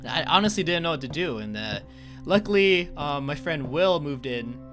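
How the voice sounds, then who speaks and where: A young man from North Carolina giving let's-play commentary, earnest and halting, often stammering and restarting his sentences. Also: a little high, lively intonation, over music. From North Carolina, USA. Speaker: gaming YouTuber.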